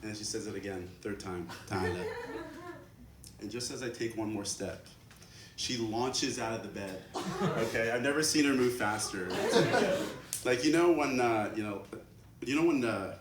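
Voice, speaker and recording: A man's voice: lowish voice, normal speed. A young man in his twenties doing a stand-up comedy set, telling a childhood story in a loose way, full of fillers and restarts. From London, Ontario, Canada. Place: comedy club stage with live audience. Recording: roomy, distant, noisy club recording.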